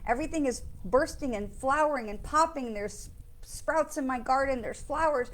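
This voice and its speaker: A woman's voice: high voice, moderate pace. A middle-aged woman, a psychic medium, talking casually and enthusiastically to her listeners and often checking in with them. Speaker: psychic medium hosting a weekly live. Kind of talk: casual spiritual talk with card readings.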